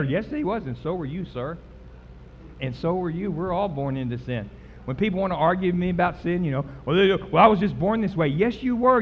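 High-voiced emphatic male preacher. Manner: emphatic, repetitive, folksy preaching. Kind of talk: sermon. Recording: slightly dull recording with faint background noise.

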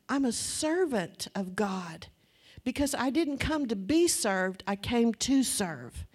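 A woman's voice: on the high side, sing-song, takes it slowly, a little mellow, breathy edge. A woman preaching a testimony sermon, telling her story in a chatty, breathless way and acting out her own past words. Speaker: church speaker.

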